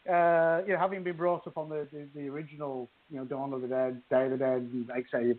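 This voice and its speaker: A man's voice: fairly high pitch, little pitch movement, fast. A man, an author chatting casually on a podcast and reading from a book, rambling with many restarts. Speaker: author guest. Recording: tinny phone-like call audio.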